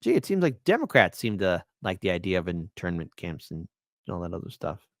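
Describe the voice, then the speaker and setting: A man's voice: low-pitched, a little fast, no echo. Guy ranting and mocking clips, swings his voice all over, dry close sound. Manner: loud, mocking, profane, lively swings. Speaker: host reacting to news clips. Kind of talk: casual commentary.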